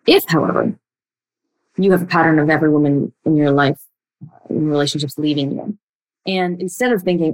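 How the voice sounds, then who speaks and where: A young woman speaks straight to her listeners as a relationship coach. Her voice sits a little low, and she is blunt and emphatic, racing through some phrases and stretching out others. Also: low-quality recording. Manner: blunt, emphatic, speeds up and slows down a lot. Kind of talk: direct-to-listener coaching talk.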